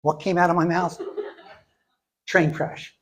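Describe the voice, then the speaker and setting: A middle-aged man telling funny stories on stage, self-deprecating and deadpan, often laughing at his own lines. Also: on the high side, slow. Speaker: storyteller. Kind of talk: live comic storytelling. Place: stage before a live audience.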